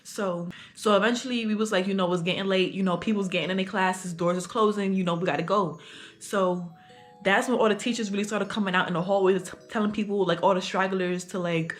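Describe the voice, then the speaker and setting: A woman's voice: medium pitch, fairly even intonation, a little fast. A young adult woman telling a casual storytime for her vlog, talking in slang with lots of fillers. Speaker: vlogger.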